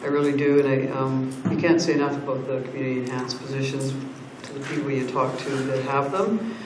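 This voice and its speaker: A man on council speaking earnestly in a budget meeting, with halting restarts as he works out his point. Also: mid-range voice, steady tone, recorded from a distance, background noise. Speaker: council member. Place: council chamber. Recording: roomy council chamber mic.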